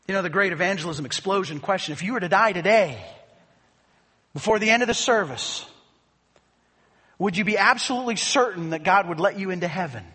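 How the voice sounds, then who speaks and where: A pastor preaches a sermon emphatically, throwing rhetorical questions at the congregation in a high, animated voice that's brisk, sharp, and slightly rough. A large hall gives the recording a long reverb.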